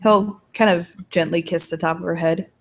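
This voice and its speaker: Gravelly-voiced role-play narrator. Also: medium pitch, steady tone, moderate pace. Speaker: player. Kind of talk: narrating own character in a tabletop role-play.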